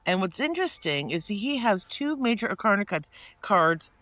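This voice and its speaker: A man with a fairly high voice gives a casual tarot reading in a rambling, chatty way. He circles back and restarts often. The sound is dry and close, with no room around it. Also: moderate pace, dry recording. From northeastern United States. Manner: chatty and meandering, with many restarts and asides; animated when quoting people in mock-casual voices. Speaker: tarot reader.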